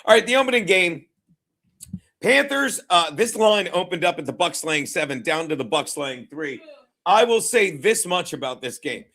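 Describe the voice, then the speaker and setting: A man's voice: sits high, lively intonation, normal speed, bright, forceful tone. A man hosting a casual sports talk show, rambling and jokey with lots of swearing.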